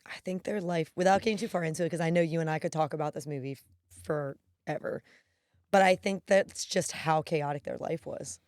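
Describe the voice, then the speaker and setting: A woman co-hosting a movie podcast, chatting in a lively, animated way. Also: low-pitched, brisk, dry recording, clean studio sound. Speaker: podcast co-host. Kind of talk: casual podcast chat.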